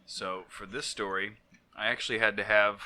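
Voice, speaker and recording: Bright-toned man telling wild stories. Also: lowish voice, moderate pace, slight background noise. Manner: animated storyteller, laughs often. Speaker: podcast co-host. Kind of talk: casual comedic chat.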